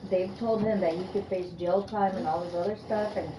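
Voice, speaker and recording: A woman's voice: mid-range voice, a little fast, echoey room, distant mic, noisy background. A woman telling a personal story in a casual chat, quoting others as she goes. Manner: animated storytelling, quoting others, laughing often.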